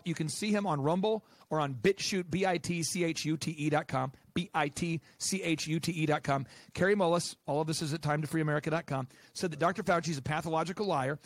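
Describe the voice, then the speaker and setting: A man with a notably high voice, fired up and talking in quick, emphatic bursts. He is a guest in an interview, recorded close and dry in a quiet studio. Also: no echo. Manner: animated, emphatic, rapid-fire. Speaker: guest, business coach and podcast host.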